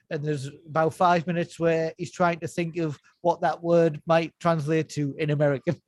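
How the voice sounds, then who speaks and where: Lively man telling a funny story. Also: fairly high pitch, normal speed, few pauses, dry recording. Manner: animated storyteller, laughing, mimics voices. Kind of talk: casual chat, retelling a TV show.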